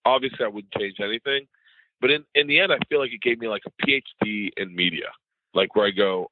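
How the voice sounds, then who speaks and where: A middle-aged man, a comedian guest at home, telling rambling, animated stories in a casual interview. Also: on the low side, fairly quick, dry recording. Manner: rambling, animated storyteller who mimics others in conversation. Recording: tinny phone-like line.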